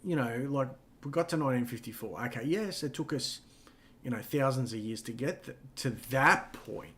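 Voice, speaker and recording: A man's voice: medium pitch, moderate pace, fairly bright tone. Rambling, swearing man in casual chat. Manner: rambling, swears freely, many fillers. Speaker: podcast co-host.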